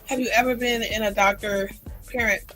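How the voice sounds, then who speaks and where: A woman's voice: on the high side, fairly even intonation, fairly quick, bright, forceful tone, soft background music, low-quality recording. A middle-aged woman talking heartfelt and earnest on her own livestream, repeating phrases for emphasis. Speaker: livestream host. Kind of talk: emotional personal livestream talk.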